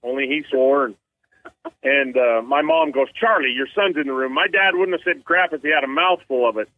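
A man's voice: mid-range voice, brisk. A man in his fifties from Utah, a champion elk caller and radio guest, telling rambling folksy stories over the phone. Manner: folksy, rambling anecdotes with quoted voices. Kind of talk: casual storytelling on a radio show. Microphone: phone call. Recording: tinny phone line.

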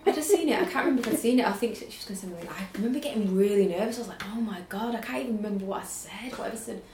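Fast, chatty woman, echoey room. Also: medium pitch, warm tone. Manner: chatty, self-deprecating, laughs often. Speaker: designer and illustrator guest. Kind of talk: casual chat. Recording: echoey room with faint hiss.

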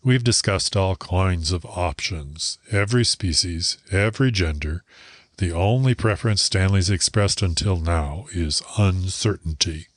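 A man's voice: low voice, measured pace, no room sound, studio quality. A man reading aloud, voicing a brusque, exasperated male antlered alien shopkeeper in a storybook. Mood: curt. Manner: curt, exasperated, snarling.

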